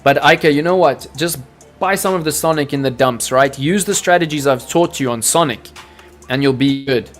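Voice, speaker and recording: A man's voice: on the high side, moderate pace, faint music behind. A man hosting a live crypto trading stream, chatting loosely and answering viewers by name. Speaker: crypto trading livestream host. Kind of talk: casual livestream chat to viewers.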